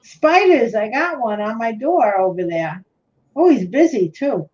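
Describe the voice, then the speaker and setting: Fairly high-pitched, expressive, and a little mellow, this New York–accented woman speaks at a measured pace. She's a livestream co-host making casual conversation with friends, recorded in lo-fi livestream sound.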